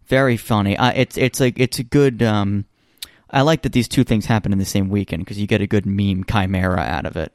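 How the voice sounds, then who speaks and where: An American man co-hosting a casual chat podcast, talking in an animated, rambling way with many restarts. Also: on the low side, fairly quick, no room sound, clean studio sound. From United States. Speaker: podcast co-host.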